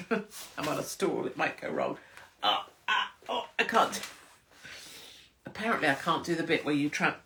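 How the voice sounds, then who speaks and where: A woman's voice: low voice, big pitch swings, a little slow, pauses often, bright, forceful tone, slight background noise. A woman hosting a casual livestream chat, cheeky and self-mocking, laughing often. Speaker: livestream host.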